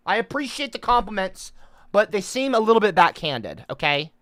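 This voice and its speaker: A man chatting casually as a streamer reading out his chat, lively and rambling, quick to get defensive. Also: high voice, no echo, studio quality.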